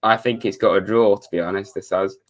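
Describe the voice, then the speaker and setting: Young male streamer, casual and chatty, slightly low-pitched. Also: steady tone, fairly quick. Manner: chatty, reads chat messages aloud, laid-back. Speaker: live streamer. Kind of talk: casual live-stream chat.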